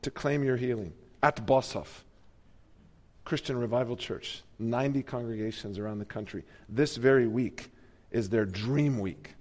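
A pastor from the United States preaching a sermon in a church, animated and dramatic. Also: male voice, medium pitch, normal speed, in a large hall.

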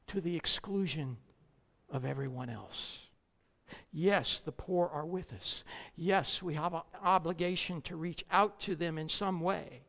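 A preacher with a medium-pitched, creaky voice delivers an emphatic sermon a little slowly, a long reverb tail trailing his words. He swings between loud declamation and quiet asides, throwing in sarcastic jabs and rhetorical questions.

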